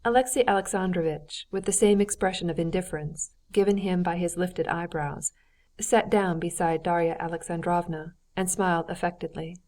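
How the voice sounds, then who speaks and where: A woman narrating a classic novel as an audiobook in a steady, even reading voice. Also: on the low side, moderate pace. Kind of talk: scripted narration.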